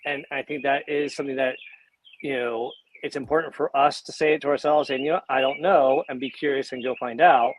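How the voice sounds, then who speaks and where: A man's voice: mid-range voice, fairly even intonation, fairly quick, slight background noise, rough recording. A man who works as a coach, talking casually on a panel in a chatty, self-deprecating way and laughing often.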